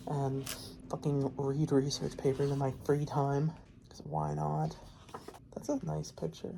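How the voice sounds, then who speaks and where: A woman with a low, gravelly voice chats away at home in a loose, rambling stream. She swears freely and keeps cutting herself off to restart a thought. A faint hum of room ambience sits under her. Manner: chatty, swears often, trails off and restarts. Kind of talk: casual rambling chat.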